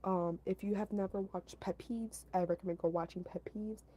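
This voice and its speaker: Brief: young female creator, mid-pitched and warm, chatty storytime with restarts. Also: normal speed, poor audio. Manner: animated, emphatic, with frequent restarts and acted quotes. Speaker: content creator. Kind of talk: casual storytime monologue.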